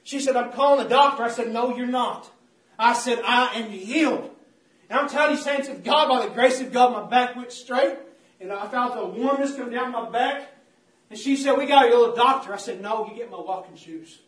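The very high, slightly bright voice of a man fills a roomy church, heard from a distance as he preaches at normal speed. His sermon is fervent and repetitive, with repeated calls of "saints of God" to the congregation.

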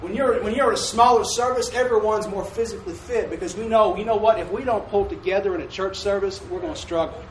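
A man with a high voice preaches a folksy, call-and-response sermon quickly and with hardly any pauses. It was captured in a church sanctuary by a distant mic, so the room is echoey, with slight background noise.

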